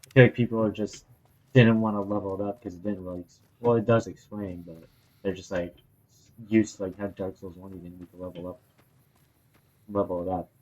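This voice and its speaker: A young man co-hosting a podcast in casual chat, talking low and hushed with slangy words. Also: flat delivery, a little fast, lo-fi sound. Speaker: podcast co-host.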